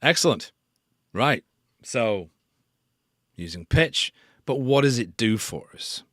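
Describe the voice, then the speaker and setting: A man's voice: medium pitch, expressive, slow, a bit bright, no room sound, studio quality. A man hosting a casual live stream tutorial on sound design and joking about himself as he works. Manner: casual, self-deprecating.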